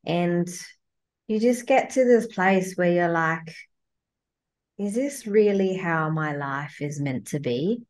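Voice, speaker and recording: A woman's voice: on the low side, slow, darkish tone. A woman, a guest coach, talking bluntly and swearing freely as she acts out her inner voice in a casual chat.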